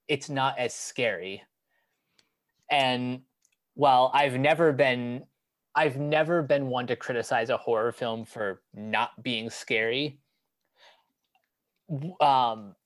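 An American man in casual review chat who talks hesitantly, with many ums and restarts. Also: medium pitch. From United States.

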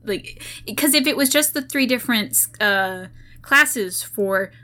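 A woman's voice: a little high, expressive, unhurried, pushed and bright. A woman with a slight Southern US accent co-hosting a podcast in casual chat, rambling with frequent restarts. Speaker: podcast co-host.

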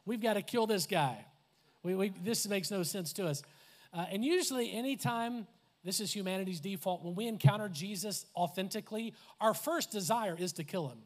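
A man preaching a conversational sermon as a pastor, animated, with laughs, asides and acted-out quotes. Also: high-pitched, moderate pace. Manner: acts out quoted voices.

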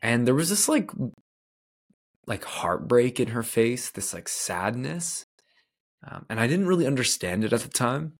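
A man's voice: mid-range voice, very animated, a little slow. A man from Canada hosting his own podcast, telling a personal story in an earnest, candid way with lots of casual "like" fillers. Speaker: podcast host.

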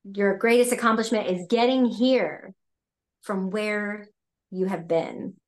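A woman's voice: medium pitch, slow pace. A woman hosting a casual interview podcast, rambling through her questions and restarting them as she goes. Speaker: podcast host.

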